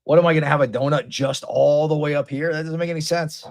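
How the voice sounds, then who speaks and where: A man co-hosting a livestream in casual chat, joking with deadpan, mock-stern warnings. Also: fairly high pitch, fast talker, gravelly. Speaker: co-host.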